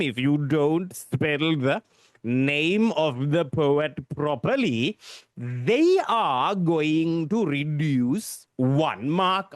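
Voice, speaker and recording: A man's voice: fairly high pitch, no echo, clean studio sound. A man with a Sri Lankan English accent teaching a literature lesson for exams, repeating key points with emphasis for his students. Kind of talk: exam-focused literature lesson.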